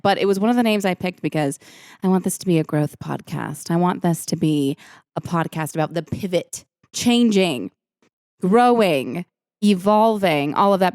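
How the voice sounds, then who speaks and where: Young woman host, Valley girl lilt, lower-pitched for a woman, dry close sound, chatty and self-mocking. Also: a little mellow, dry recording. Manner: chatty, self-deprecating, rambling tangents. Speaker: podcast host. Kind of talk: casual solo podcast chat.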